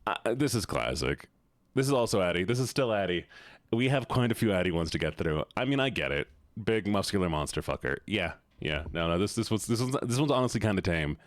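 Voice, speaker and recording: A man's voice: low voice, lively intonation, brisk, dry recording. A man streaming live, reacting to viewer submissions in casual chat, often sighing, swearing and repeating himself in exasperation.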